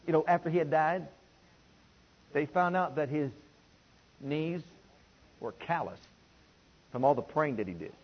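Husky-voiced man preaching a sermon. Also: high-pitched. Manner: call-and-response preaching, swings between loud and hushed. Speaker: pastor. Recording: dull lo-fi recording.

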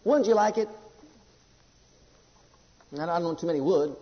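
A man's voice: fairly high pitch, normal speed. A man preaching a sermon, emphatic and storytelling, telling personal stories to a congregation. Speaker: pastor. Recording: echoey hall, dull lo-fi.

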